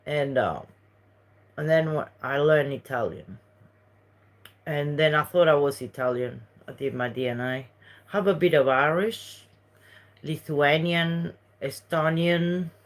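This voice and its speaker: A woman from Uruguay with a Uruguayan Spanish accent, chatting casually on a livestream, rambling between topics and reading viewer messages. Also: sits low. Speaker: livestream host.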